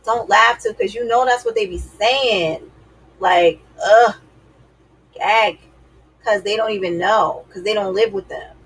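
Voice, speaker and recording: A woman's voice: mid-range voice, steady tone, normal speed, hardly any pauses, fairly bright tone, breathy edge, rough recording. A woman giving dating advice to her viewers in a sassy, emphatic, casual way. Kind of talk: casual advice talk to camera.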